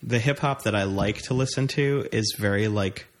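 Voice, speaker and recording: Relaxed low-voiced young man chatting. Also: normal speed. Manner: relaxed, rambling, hesitant. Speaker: conversation partner. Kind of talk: casual chat.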